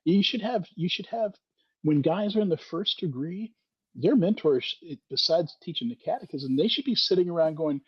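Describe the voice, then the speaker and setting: Self-deprecating man, animated storyteller. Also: fairly high pitch, normal speed, husky, no room sound, muffled recording. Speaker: podcast guest, Freemason author. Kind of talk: casual storytelling conversation.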